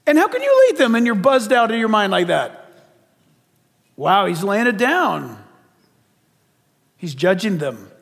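A man preaching a lively, joking sermon as a pastor, acting out the voices of the people he quotes. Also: very high-pitched, unhurried, vocal fry, pauses often. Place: church auditorium. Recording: long hall reverb.

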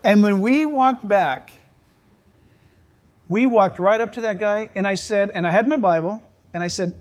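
High-voiced older man preaching. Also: a little slow. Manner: animated, jokey storyteller with rising excitement. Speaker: pastor. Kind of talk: sermon storytelling.

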